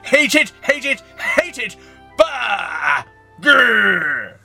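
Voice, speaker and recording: A man's voice: extremely high pitch, sing-song, drawn-out words, vocal fry, sharp tone, faint music behind, full character voice. A man voicing a mean, grumpy old male villain who hates everything, growling and snarling. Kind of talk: comic audio story acting.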